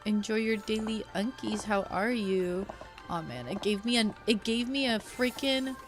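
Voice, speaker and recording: A young woman streaming a game, chatting casually in slang, reading chat aloud and bursting into loud reactions. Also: mid-range voice, unhurried, music in the background.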